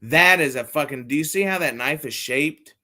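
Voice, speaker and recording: Man, phone livestream, rambling, swears a lot, bright tense tone. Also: on the high side, normal speed. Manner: rambling, profane, talks straight to chat viewers. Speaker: toy collector livestreamer. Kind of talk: casual livestream chat to viewers.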